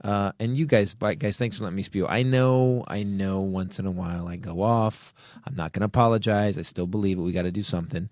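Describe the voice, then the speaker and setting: A man hosting a comedy podcast, joking loudly and laughing often in a studio. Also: low-pitched, steady tone, fairly quick, no echo. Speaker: podcast host. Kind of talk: casual comedic chat.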